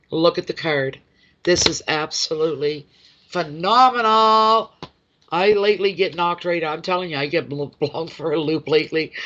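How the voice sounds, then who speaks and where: A man's voice: fairly high pitch, fairly bright tone. A man giving a live-stream tarot reading, chatting with viewers by name in an effusive, emotional way. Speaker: tarot reader. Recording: dull lo-fi sound.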